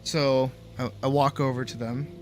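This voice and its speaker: A man from Boston, a streamer telling a goofy travel story in a casual, animated way, swearing freely. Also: mid-range voice, normal speed, soft background music. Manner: animated, swears, laughs often.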